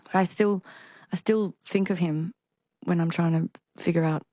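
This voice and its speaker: A young woman with a slightly low voice tells her story in a relaxed interview. Her speech catches and restarts often because of a stutter. The sound is dry and close to the mic. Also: moderate pace, no room sound. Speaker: singer and performer, interview guest. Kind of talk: casual interview conversation.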